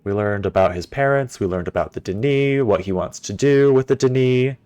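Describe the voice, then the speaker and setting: A man's voice: medium pitch, normal speed, darkish tone, clean tone, muffled recording. A man streaming a puzzle game, chatting casually with his viewers and thinking aloud as he plays. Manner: chatty and playful, answers chat, thinks aloud. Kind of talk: casual live-stream commentary.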